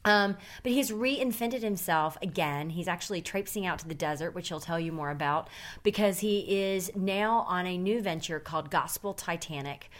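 A woman's voice: lowish voice, normal speed. Chatty woman co-hosting a podcast. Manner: chatty, storytelling, animated laughter. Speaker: podcast co-host. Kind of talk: casual chat. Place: Chicago.

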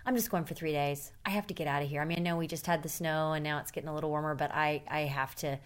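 A woman's voice: low voice, fast, clear, resonant tone. Chatty woman co-hosting a podcast. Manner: chatty, storytelling, animated laughter. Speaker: podcast co-host. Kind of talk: casual chat. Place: Chicago.

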